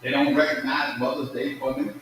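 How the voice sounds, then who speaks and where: A man preaching a sermon in a church, calling out to the congregation and swinging from soft murmurs to loud shouts. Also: mid-range voice, fairly even intonation, brisk, slight background noise. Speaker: pastor. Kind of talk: call-and-response sermon. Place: church sanctuary. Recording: echoey distant church livestream recording.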